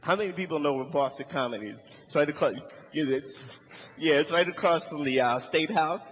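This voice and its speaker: A man's voice: brisk, long reverb tail, muffled recording, a little hiss or hum. A young man performing stand-up, telling a story and acting out the voices of the people in it. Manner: animated, acts out voices in high shouts. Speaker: comedian. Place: large hall with live audience.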